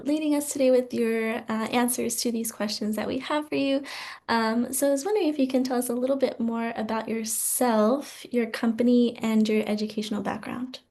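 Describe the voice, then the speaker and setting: A woman's voice: fairly high pitch, a little mellow. A woman, an assistant dean, moderating a panel in an upbeat way.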